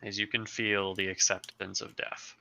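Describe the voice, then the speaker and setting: A man narrating as game master in a tabletop game, setting scenes slowly and descriptively. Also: fairly low pitch, little pitch movement, vocal fry, sharp tone.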